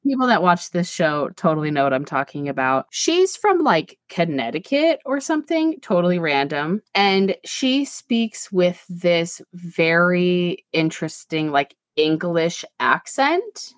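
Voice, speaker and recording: A woman with a low voice talking through a book in a casual chat. She is chatty and fills her speech with "like." The sound is dry and close. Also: big pitch swings, unhurried, hardly any pauses, no room sound. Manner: chatty, summarizes plot points with frequent "like". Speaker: podcast co-host.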